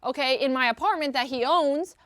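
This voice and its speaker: A woman telling lively stories in casual podcast chat, acting out the people she quotes. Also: high-pitched, brisk, no echo. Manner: animated storytelling, quotes people in voices. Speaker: guest.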